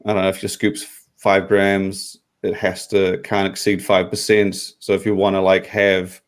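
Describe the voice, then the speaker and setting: A man on a podcast panel, talking in a rambling, halting way with many fillers. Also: low-pitched, completely flat delivery. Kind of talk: casual panel podcast talk.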